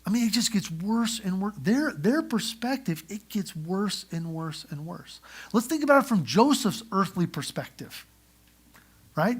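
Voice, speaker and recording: Husky-voiced pastor telling a lively sermon. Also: male voice, sits high, unhurried. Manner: lively storytelling, acting out the characters. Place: church sanctuary.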